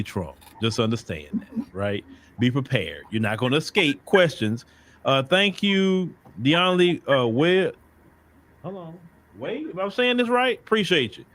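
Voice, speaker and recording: A man's voice: fairly high pitch, a bit bright. A man, hosting his own stream. He talks emphatically, fires off rhetorical questions and circles back on his points. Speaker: show host. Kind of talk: livestream commentary.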